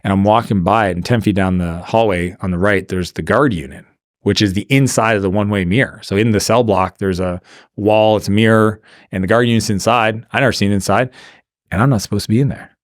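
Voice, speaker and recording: A man from Canada tells a personal story in a casual interview, his voice sitting on the low side. He talks loosely, stacking filler "like"s and restarting sentences. The sound is dry and close. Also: fairly even intonation, brisk, no room sound. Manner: conversational, many filler "like"s, trails off and restarts. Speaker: podcast guest.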